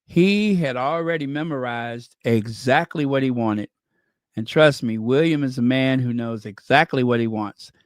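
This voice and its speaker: A man's voice: mid-range voice, unhurried, clear, resonant tone, no room sound, clean studio sound. A man doing casual commentary, sarcastic and chatty, tossing out rhetorical questions and wry asides. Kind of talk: casual chat.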